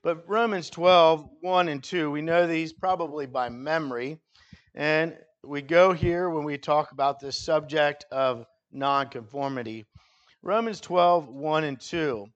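A man's voice: fairly high pitch, a little slow. A man preaching a sermon to a congregation in a conversational way, with some fillers, and reading scripture aloud with emphasis. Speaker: pastor.

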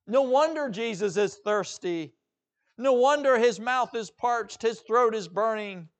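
A male pastor preaching a sermon dramatically, moving between hushed and emphatic delivery. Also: very high voice, measured pace.

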